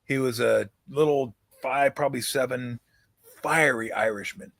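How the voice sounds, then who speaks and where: A middle-aged man hosting a casual backyard chat, relaxed and reflective, who laughs easily. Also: mid-range voice, unhurried, vocal fry, dry recording. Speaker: host. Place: backyard outdoors.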